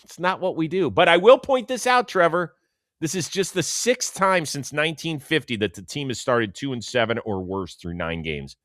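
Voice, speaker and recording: A man co-hosting a casual sports talk show, animated and sarcastic, often dropping into mocking quotes. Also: fairly high pitch, moderate pace, no echo, studio quality. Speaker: co-host.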